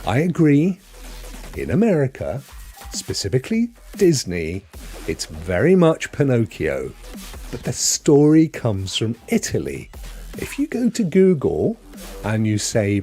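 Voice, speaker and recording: Chatty British man with a husky voice. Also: mid-range voice, mellow. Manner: chatty, rambling, reads chat aloud, laughs often. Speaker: gaming show host. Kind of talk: casual live-stream chat.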